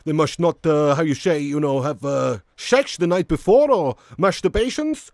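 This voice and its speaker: Stern manager as a man's impression, halting, blunt. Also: fairly high pitch, expressive, a little mellow, dry recording, studio quality. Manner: halting, searching for words.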